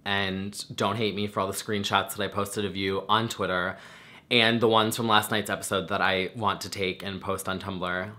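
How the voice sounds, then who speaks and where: Male vlogger, lowish bright voice, loose and chatty, swears freely. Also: little pitch movement, normal speed. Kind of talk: casual reaction rant.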